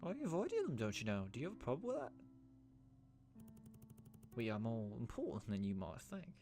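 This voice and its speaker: A man's voice: medium pitch, wildly swooping pitch, brisk, mellow, soft background music. A man voicing a mysterious, knowing woman in a game, with a theatrical, lilting delivery and a wavering British Isles lilt. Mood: knowing, teasing.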